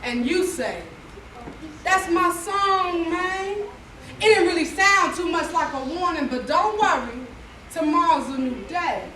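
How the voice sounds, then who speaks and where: A woman's voice: very high voice, expressive, measured pace, bright, forceful tone. A woman poet performing spoken word poetry with rhythmic, repeating refrains. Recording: echoey room from far off, faint noise.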